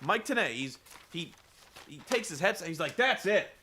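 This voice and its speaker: A man's voice: a little high, lively intonation, normal speed, pushed and bright, breathy edge. A man giving a sarcastic, rambling, profane comedic recap of a show as host.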